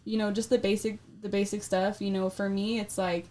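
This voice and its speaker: A woman appearing as a tattoo artist guest on a casual podcast. Her voice sits at an ordinary mid pitch. She talks in a loose, chatty way, leaning on "like" and "you know" as she explains things. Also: flat delivery, brisk, a little mellow. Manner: chatty, filler-heavy with frequent "like" and "you know".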